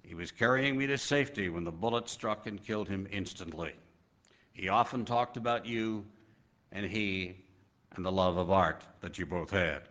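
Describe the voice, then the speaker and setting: A man's voice: sits low, normal speed, fairly bright tone, pitched below the performer's own voice. A man voicing a humble young soldier. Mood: earnest. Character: earnest young male soldier, humble and grateful.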